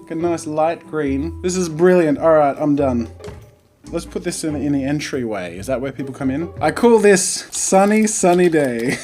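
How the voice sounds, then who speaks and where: Excitable man hosting gameplay. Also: on the high side, moderate pace, soft background music. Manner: playful, excitable, jokey. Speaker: gaming video host. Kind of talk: energetic gameplay commentary.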